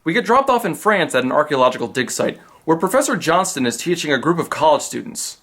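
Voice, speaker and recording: A man narrates a comedic film review in a slightly high voice that swings widely up and down. His delivery is sarcastic and lively, with dry jokes dropped between points. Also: quick pace, a little hiss or hum.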